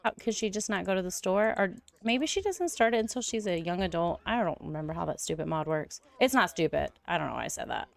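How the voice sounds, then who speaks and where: A woman's voice: on the low side, big pitch swings, fast talker, gravelly, few pauses. A young adult woman chatting casually while streaming a game, rambling and laughing often. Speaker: gaming streamer. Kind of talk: casual live stream chat.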